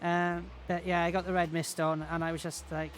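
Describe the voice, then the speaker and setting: A man's voice: fairly high pitch, flat delivery, a little fast, a little hiss or hum. A man chatting in a rambling, self-mocking way while commentating his own gameplay on a stream. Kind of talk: casual game-stream commentary.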